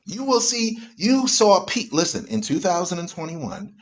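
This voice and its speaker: Guy preaching on a radio show, kinda high voice, repeats stuff for emphasis, talks right at you. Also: sing-song, moderate pace. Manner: emphatic, repeats words for stress; addresses listeners directly. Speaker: radio guest. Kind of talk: preaching commentary.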